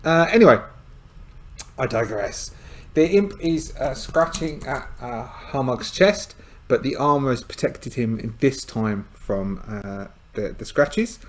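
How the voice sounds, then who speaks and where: Slow, rambling man narrating a game. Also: medium pitch, expressive. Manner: rambling, hesitant, many fillers and asides. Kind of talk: solo tabletop game narration.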